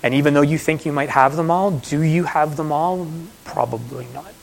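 A man's voice: on the high side, moderate pace, creaky, poor audio. A man from Toronto, an author giving a conversational presentation with slides, full of asides and fillers. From Toronto, Canada.

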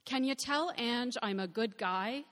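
A drunk man, loose and sloppy in his speech, pleading too loudly, as a woman reading a story puts him on. His voice rides high and lifted for a man. A long reverb trails behind each line. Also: unhurried. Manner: slurred, nearly shouting.

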